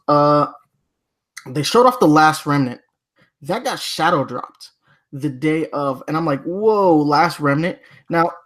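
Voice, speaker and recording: Podcast co-host, male, fairly high voice, loose and animated delivery. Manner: loose and animated, acts out quotes. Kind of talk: casual chat.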